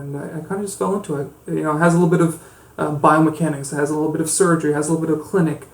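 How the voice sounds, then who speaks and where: Laid-back surgeon guy, gravelly voice, kinda high, echoey room, lots of ums. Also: steady tone, very fast. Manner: casual, lots of fillers, laid-back storytelling. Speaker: podcast co-host, foot and ankle surgeon. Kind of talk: casual conversational podcast chat.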